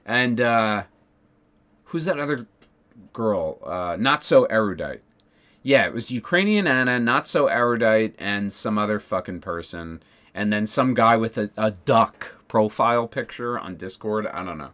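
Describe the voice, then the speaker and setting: A man's voice: lowish voice, animated, measured pace, a bit bright. A man streaming casually, ranting sarcastically with lots of swearing, fillers and restarts. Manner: profane, sarcastic, rambling with many fillers.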